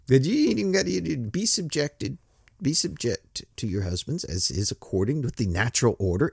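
A man's voice: medium pitch, gravelly, darkish tone, husky, no echo, studio quality. A man preaching a casual, joking sermon and reading scripture, talking conversationally with many restarts.

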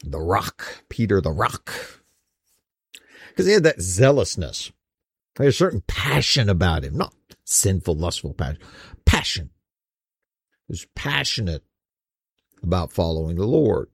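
A man's voice: deep voice, very animated, unhurried, vocal fry, pauses often, breathy edge, no room sound, clean studio sound. A man teaching a Bible study in a casual, conversational way, with folksy slang and frequent "you know.".

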